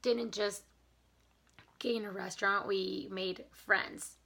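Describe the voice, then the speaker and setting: Earnest woman vlogger with a gravelly, bright voice. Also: medium pitch, fairly even intonation, takes it slowly. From not from Canada. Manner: earnest, grateful, getting emotional; enthusiastic about mindset and gratitude. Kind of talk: casual chat to camera.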